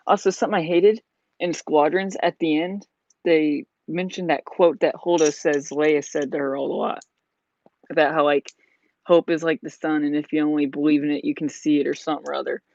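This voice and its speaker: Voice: medium pitch, level tone, a little fast, gravelly, a little mellow. Rambling vlogger chatting while building. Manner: rambling, lots of "like" and "you know". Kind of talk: casual chat while building. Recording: dull lo-fi sound.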